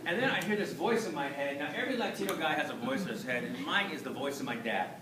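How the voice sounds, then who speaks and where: A man performing a stand-up comedy set, telling a story in an animated way and putting on voices for the punchlines. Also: a little high, fast talker, recorded from a distance, crowd noise. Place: live venue with audience. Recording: echoey room, mic heard from afar, loud audience laughter. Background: audience laughing.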